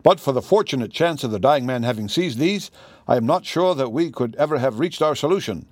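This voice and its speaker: A man reading the lines of a keen, methodical detective, measured and explaining. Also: medium pitch, no room sound, clean studio sound, pitched above the performer's own voice, lightly acted. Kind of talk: audiobook dialogue reading.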